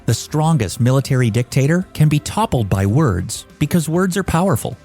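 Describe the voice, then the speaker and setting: A man reading a scripted podcast introduction in a lively, expressive way. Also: mid-range voice, moderate pace, soft background music. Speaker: podcast narrator. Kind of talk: scripted narration.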